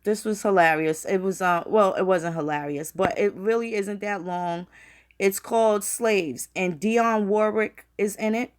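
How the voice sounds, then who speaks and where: A woman's voice: mid-range voice, a little slow. Rambling, profane woman talking casually. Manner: rambling, profane, conversational, addresses viewers directly. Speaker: channel host. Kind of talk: casual livestream talk.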